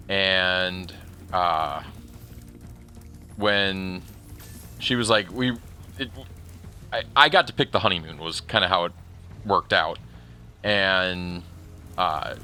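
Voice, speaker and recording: Bright-voiced man chatting on a livestream. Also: deep voice. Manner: rambling storyteller, many restarts and chuckles. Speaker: streamer. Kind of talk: casual chat while livestreaming a game.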